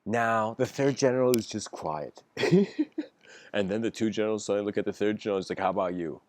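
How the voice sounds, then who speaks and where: A man's voice: lowish voice, fairly quick, a little mellow. A man giving a casual storytelling lecture, laughing often, acting out his characters' lines, and talking with plenty of fillers and restarts. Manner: acts out characters' lines in quoted voices.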